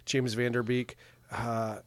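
A man's voice: medium pitch, little pitch movement, slow, no room sound. A man co-hosting a podcast, chatting casually about a movie in a rambling way and laughing often. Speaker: podcast co-host.

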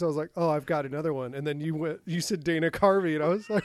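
A man co-hosting a casual movie podcast, excitable, swearing freely and laughing a lot. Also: a little high, fast, few pauses, no room sound. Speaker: podcast co-host. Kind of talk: casual movie review chat.

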